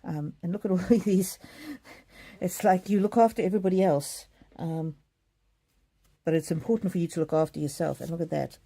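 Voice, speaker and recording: A middle-aged woman doing a live oracle card reading, gentle and halting, with many pauses, fillers and repeated words. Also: lowish voice, steady tone, gravelly. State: choked up with emotion. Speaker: psychic card reader.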